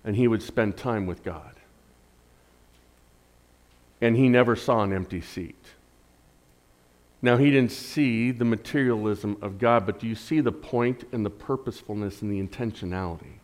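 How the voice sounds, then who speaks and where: A middle-aged man preaching a sermon in a conversational, joking way, asking the congregation questions and swinging between loud emphasis and quiet asides. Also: fairly low pitch, normal speed, long pauses. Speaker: pastor.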